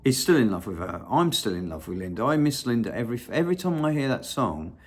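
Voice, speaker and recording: A man's voice: medium pitch, big pitch swings, quick pace. A man hosting his own channel, talking in a rambling casual monologue, swearing freely and breaking into humming and singing snatches of songs. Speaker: channel host.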